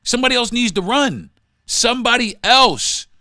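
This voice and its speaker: A man hosting a podcast, delivering a heated, profane rant that swings between loud outbursts and low muttering. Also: animated, moderate pace, dry recording, clean studio sound. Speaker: podcast host. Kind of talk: profane ranting monologue.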